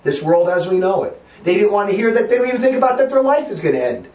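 A man's voice: high-pitched, animated, fast, darkish tone, echoey room, far from the mic, highs cut off. A man preaching a fiery, emphatic sermon, hammering his points with repetition.

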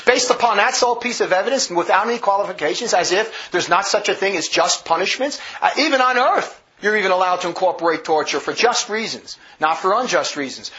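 On a dull, lo-fi recording, a religious commentator with a high, fairly bright male voice delivers a polemical monologue. He is vehement and combative, leaning hard on emphasis.

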